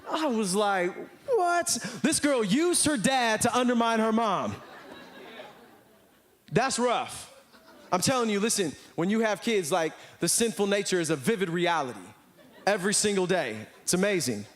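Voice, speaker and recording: A faint crowd can be heard as an American pastor with a high-sitting voice delivers a sermon at normal speed. He brings his stories to life by acting out each person's voice.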